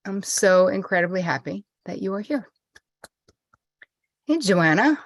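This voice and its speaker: A woman's voice: mid-range voice, expressive, measured pace, no room sound, clean studio sound. A middle-aged woman hosting a live stream, chatty and bubbly as she greets viewers by name before a meditation. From United States. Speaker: host and therapist. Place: indoors at home.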